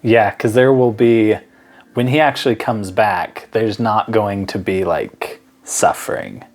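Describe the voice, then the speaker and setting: A man co-hosting a casual faith podcast, talking in a relaxed, rambling and earnest way. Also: fairly low pitch, measured pace. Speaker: podcast co-host. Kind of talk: casual religious discussion.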